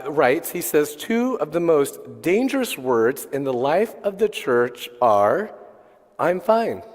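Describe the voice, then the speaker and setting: Man teaching in an echoing church hall. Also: medium pitch. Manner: asks the audience questions and answers them himself. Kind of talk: conference teaching session.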